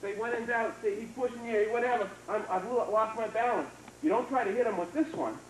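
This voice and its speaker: A karate instructor speaks briskly in a high voice as he casually demonstrates moves at a hands-on seminar in a training hall, giving students short praise. The echoey hall, distant mic, and noisy 1990s video shape the sound.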